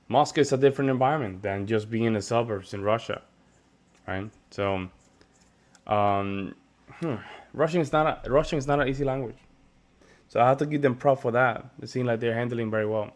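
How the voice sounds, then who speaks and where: A man's voice: mid-range voice, fairly quick. A man in an easygoing, agreeable mood, commenting casually as he hosts a reaction video. His voice sits in the middle range, and he turns often to talk straight to his audience. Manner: easygoing, agreeable, addresses viewers directly.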